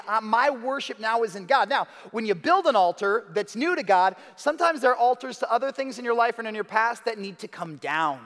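A man preaching a sermon as pastor, dramatic, moving between hushed lines and emphatic ones. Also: sits high. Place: church hall. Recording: reverberant hall.

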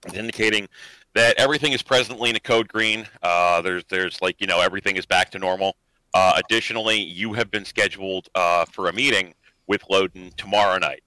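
A man's voice: low-pitched, brisk, sharp tone, no room sound. A man running a tabletop role-playing game, casual and profane, with filler words. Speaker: game master.

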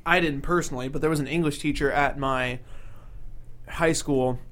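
Young male co-host, fairly high voice, casual halting chat. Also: steady tone, fairly bright tone. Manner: chatty, hesitant, with many fillers and restarts. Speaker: podcast co-host.

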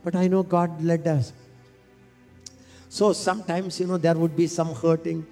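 A man preaching with fervor, his voice sitting a touch high for a man. He draws out his phrases slowly and calls on the listeners to repeat after him. Soft music hums faintly underneath. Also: little pitch movement. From India. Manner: impassioned, leads call-and-response with slow, stretched phrases. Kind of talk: sermon.

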